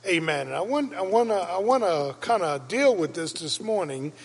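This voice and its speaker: Husky preaching man in echoing church. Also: high voice, expressive, normal speed. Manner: preaching with dramatic rises into shouts. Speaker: pastor. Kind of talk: Easter sermon. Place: church sanctuary. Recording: reverberant church hall.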